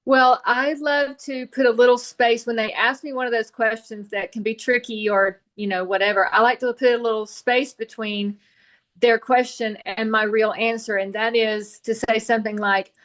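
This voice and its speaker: A woman with a slightly raised pitch shares her experience on a group training call. She talks reflectively, telling her own story with frequent "um"s as she thinks aloud. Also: fairly even intonation, normal speed, fairly bright tone. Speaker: direct sales team leader.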